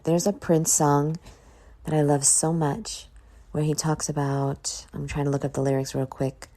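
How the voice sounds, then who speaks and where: A woman's voice: sits low, dark tone. A sleepy, yawning woman hosting her own podcast, rambling and motivational, swearing now and then. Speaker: podcast host. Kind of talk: casual solo podcast monologue.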